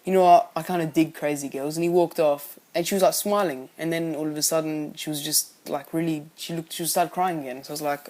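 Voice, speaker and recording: A man's voice: fairly high pitch, steady tone, brisk, hardly any pauses, a little mellow. A man giving a casual spoken recap of a wrestling show, rambling and often correcting himself as he goes. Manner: rambling, frequently self-correcting.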